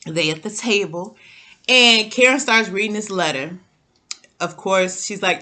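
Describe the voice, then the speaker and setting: Woman, casual TV recap chat, AAVE speech, animated, bright tone. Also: mid-range voice, a little slow. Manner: animated, talks straight to viewers, repeats words. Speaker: TV recap vlogger.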